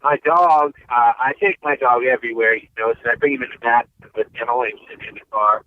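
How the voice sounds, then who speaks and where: A man's voice: medium pitch, steady tone, fast, dry recording. A man from Ohio, a guest comedian, telling a story in a rambling, casual way with many fillers. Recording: tinny phone-like line.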